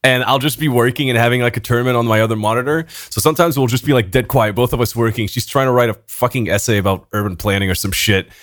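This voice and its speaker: A man co-hosting a podcast, talking in a casual, profane, halting way with lots of fillers. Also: medium pitch, fairly bright tone, no room sound, clean studio sound. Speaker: podcast co-host. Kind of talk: casual chat.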